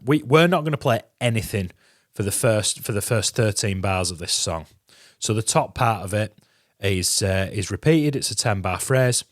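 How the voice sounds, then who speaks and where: A man's voice: medium pitch, no room sound, studio quality. A man teaching a guitar lesson, chatty and encouraging, counting beats aloud as he explains. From England. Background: guitar playing.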